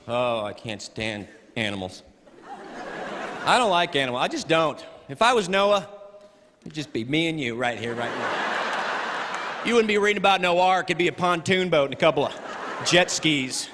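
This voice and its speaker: A man performing a stand-up comedy set, animated and full of character voices, before a live audience. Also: on the high side, moderate pace. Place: large hall with live audience. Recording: echoey hall, crowd laughter, noisy.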